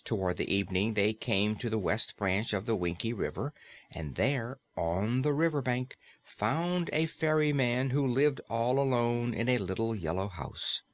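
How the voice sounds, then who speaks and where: A man narrating a classic fairy-tale audiobook in a steady, expressive storytelling way. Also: mid-range voice, a little slow.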